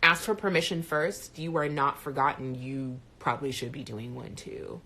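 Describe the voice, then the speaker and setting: A woman hosting a live chat show, talking in an animated, frank way and swearing casually. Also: a bass voice, moderate pace. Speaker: host.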